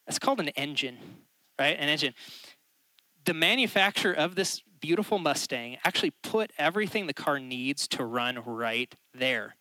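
Male pastor, conversational sermon delivery, a bit high and bright. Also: lively intonation, normal speed, dry recording, rough recording. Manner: conversational storytelling, keeps checking in with the crowd. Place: church.

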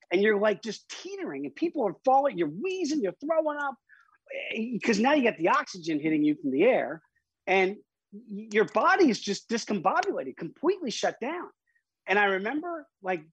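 A man's voice: sits high, husky, dry recording, lo-fi sound. A man, an interview guest, vividly retelling a personal story with emphatic restarts.

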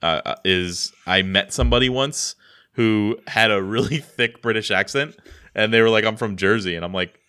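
A man's voice: on the low side, normal speed, sharp tone, smooth. An American man co-hosting a podcast, chatting casually in a rambling, self-deprecating way with lots of restarts. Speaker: podcast co-host. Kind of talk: casual chat.

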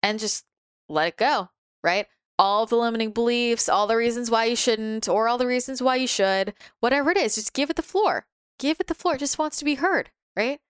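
A woman speaks as a spiritual teacher, her voice smooth and resonant. She talks gently and soothingly, sometimes acting out her inner voices. The sound is dry and close, with no room echo. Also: fairly quick. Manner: gentle, soothing, occasionally voices her ego in a higher pitch. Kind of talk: guided spiritual talk.

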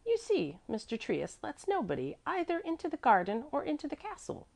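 A woman's voice: on the low side, sing-song, moderate pace, darkish tone. A woman reading aloud and voicing a fussy, devoted older woman servant who speaks earnestly and emphatically. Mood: fretful.

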